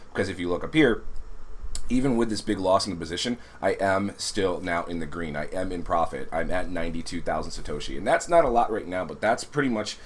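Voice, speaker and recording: A man with a very low voice talks through his vlog in a chatty, rambling way. He sounds under the weather with a cold, and a faint hum of noise sits behind him. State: sick with a cold. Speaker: crypto vlogger. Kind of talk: casual vlog commentary.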